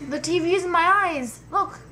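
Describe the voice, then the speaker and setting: A young woman co-hosting a casual on-camera chat, grumpy, with deadpan comebacks. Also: very high-pitched, moderate pace. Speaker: co-host.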